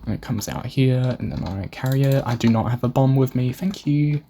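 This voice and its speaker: A man's voice: medium pitch, brisk, gravelly, mellow, slight background noise. A young Australian man casually narrating a tour of his game build, rambling, swearing and mocking himself. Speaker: gamer showing a build.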